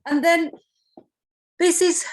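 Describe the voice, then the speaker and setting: A woman's voice: extremely high pitch, steady tone, slow pace. A woman giving a conversational training presentation, asking her audience questions and restarting her phrases as she goes. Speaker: trainer on hoarding and self-neglect.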